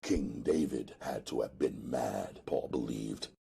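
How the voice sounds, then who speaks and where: A man narrating an audiobook dramatically, loud and emphatic, often near shouting. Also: extremely low pitch, slow, gravelly, husky.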